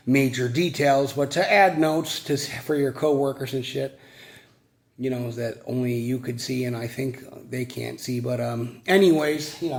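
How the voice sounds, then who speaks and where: A man vlogging casually about his exterminator job, rambling and swearing, filling every pause with "you know", overheated and sweaty from the heat. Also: medium pitch, creaky. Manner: rambling, profane, says "you know" constantly.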